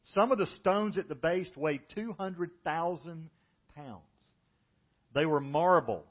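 A middle-aged man preaching a sermon as pastor, telling the story vividly and acting out the voices he quotes. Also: slow pace. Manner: storytelling, acts out quoted speakers with lifted pitch. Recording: dull lo-fi church audio.

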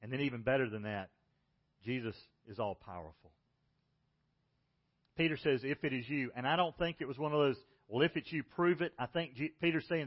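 A man preaching a sermon as pastor, telling stories and swinging between loud exclaims and quiet, hushed lines. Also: medium pitch, fairly quick, dull audio.

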